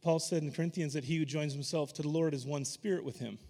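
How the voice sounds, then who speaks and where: A man preaching a sermon, animated and emphatic, slipping into voices when he retells scripture. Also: a little high, fast talker. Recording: long hall reverb.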